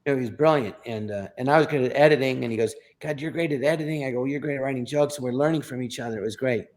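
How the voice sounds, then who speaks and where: Older man telling stories, animated and stammering. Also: mid-range voice, rapid-fire. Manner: animated, acts out quotes with voices, stammers and restarts. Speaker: guest comedian. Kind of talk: casual interview storytelling.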